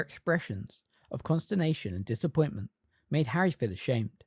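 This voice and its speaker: A fan reader narrating an audiobook with expressive storytelling. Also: medium pitch, normal speed, breathy edge, no echo, studio quality. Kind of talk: scripted narration.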